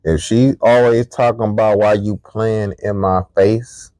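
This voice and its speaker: Deep gravelly guy ranting over a clip, dark dry voice, blunt and preachy. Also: fairly even intonation, measured pace, hardly any pauses, dry recording. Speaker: commentator. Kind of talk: commentary on a video clip.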